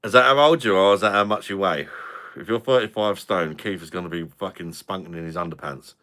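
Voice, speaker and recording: A man hosts a casual live stream, greeting viewers and trading crude, joking banter. His voice sits fairly low but has a bright, forceful edge, and he laughs often between lines. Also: fast talker.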